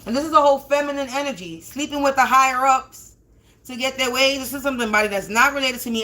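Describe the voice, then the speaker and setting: A high-pitched woman with a bright, sharp edge hosts a spiritual reading on a livestream. She swears freely and rambles indignantly, stumbling and restarting her words as she talks. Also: quick pace. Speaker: spiritual reader, livestream host. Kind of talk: livestreamed tarot-style reading, profane rant.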